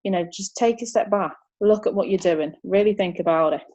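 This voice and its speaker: A young woman, chatting as an interview guest, upbeat and quick to laugh. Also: medium pitch, darkish tone. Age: 20s. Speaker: martial arts competitor, interview guest. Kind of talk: casual interview chat.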